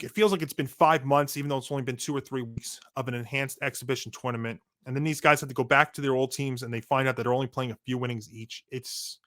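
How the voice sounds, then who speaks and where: A man co-hosting a sports podcast, ranting in a casual, animated way with frequent restarts, his voice going hoarse. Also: medium pitch. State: losing his voice. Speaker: podcast co-host.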